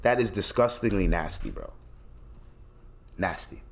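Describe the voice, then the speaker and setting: A man's voice: sits low, a little slow, vocal fry. Blunt, ranting young man podcaster. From Canada. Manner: animated, blunt, profane ranting with frequent restarts. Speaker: podcast host. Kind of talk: casual solo commentary.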